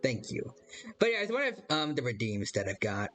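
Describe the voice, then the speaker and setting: A man's voice: mid-range voice, big pitch swings, normal speed, fairly bright tone, soft background music. A man chatting casually on a live stream while playing a game, rambling and hesitant, reading out viewers' chat and greeting them by name.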